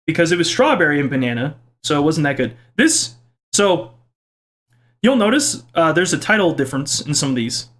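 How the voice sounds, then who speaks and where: Playful young man with a raised voice. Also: fairly bright tone. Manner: playful, self-mocking, quick swings in pitch. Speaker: YouTuber reading viewer comments. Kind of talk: casual vlog commentary. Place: home kitchen.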